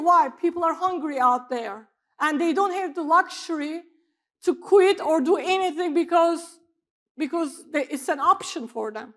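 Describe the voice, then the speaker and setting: A middle-aged woman pastor, preaching a sermon in an animated storytelling way that swings between loud emphasis and quiet asides. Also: very high voice, measured pace.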